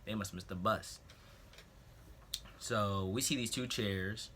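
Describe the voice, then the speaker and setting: A teenage man telling a rambling, jokey story to the camera, breaking off for asides and frequently clearing his throat. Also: lowish voice, slow, bright, forceful tone, slight background noise. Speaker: vlogger. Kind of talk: casual storytelling.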